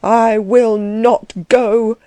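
A woman's voice: fairly even intonation, very slow, mellow, no echo. A woman playing a furious young tutor. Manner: shrill, trembling outbursts. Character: agitated young male tutor, indignant and bitter.

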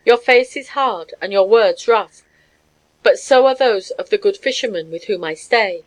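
A woman's voice: mid-range voice, unhurried, close to an everyday voice, low-quality recording. Woman reading a brooding, pleading Russian man. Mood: grave. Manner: earnest, pleading.

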